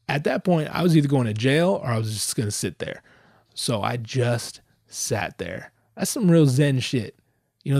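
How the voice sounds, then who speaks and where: Profane, animated man telling a story. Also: gravelly, no room sound, clean studio sound. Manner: profane, slangy and animated, swinging between loud outbursts and low asides. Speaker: podcast host. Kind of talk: comic storytelling.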